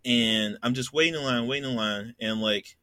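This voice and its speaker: A man's voice: medium pitch, normal speed, bright, forceful tone, dry recording. A young man telling a long, laughing anecdote in a casual podcast chat and acting out the voices of the people in it. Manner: laughs a lot, acts out voices in his anecdote.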